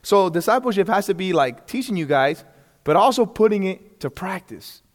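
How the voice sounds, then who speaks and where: High-voiced man teaching in a reverberant hall. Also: animated, moderate pace. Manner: conversational, asks the class rhetorical questions; earnest, chuckles between points. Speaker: church evangelism teacher. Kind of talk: casual teaching to a class.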